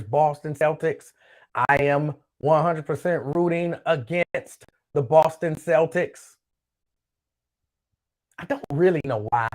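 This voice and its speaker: A man hosting his own show, chatting casually on his own and reading out viewer comments in a loose, rambling way that repeats itself. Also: fairly high pitch. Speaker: show host.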